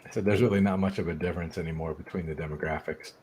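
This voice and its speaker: A man chiming in on a casual livestream with dry, deadpan remarks. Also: deep voice, very fast, slight background noise. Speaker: livestream participant.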